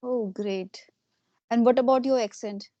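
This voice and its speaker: A middle-aged woman, interviewing in a casual way and softly repeating short acknowledgements. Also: a little high, measured pace, dry recording, muffled recording.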